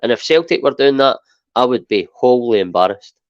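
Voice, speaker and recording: A Scottish man holds forth in casual podcast chat, building his points with emphatic "right?" tags. His voice sits at an ordinary pitch. The recording is dry and a little muffled. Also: lively intonation, brisk, no room sound. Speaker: podcast co-host.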